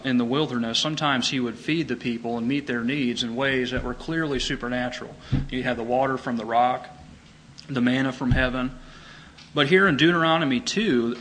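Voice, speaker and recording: Earnest bright-voiced male preacher. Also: slight background noise, low-quality recording. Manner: earnest, emphatic, rises in pitch on key points. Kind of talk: sermon.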